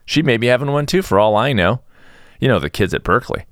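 A man's voice: mid-range voice, expressive, fast talker, fairly bright tone, no room sound, studio quality. A middle-aged man hosting his own podcast, telling a story in a blunt, casual monologue. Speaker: podcast host.

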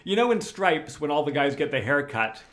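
A man's voice: fairly high pitch, big pitch swings, brisk, fairly bright tone. Man telling a self-mocking story. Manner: self-mocking, laughs through his stories. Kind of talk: casual anecdote telling.

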